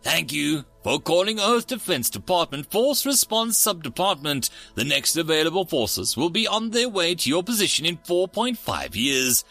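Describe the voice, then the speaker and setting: A man's voice: on the high side, normal speed, gravelly, hardly any pauses, faint music behind, pitched above the performer's own voice, full character voice. A man voicing an automated phone system announcement. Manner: flat recorded-announcement phrasing. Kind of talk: scripted story narration.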